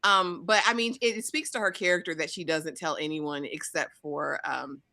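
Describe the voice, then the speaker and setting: A woman's voice: low-pitched, steady tone, moderate pace, sharp tone, dry recording. Woman, casual recap chat, laid-back, hedging, dry close sound. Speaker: podcast co-host.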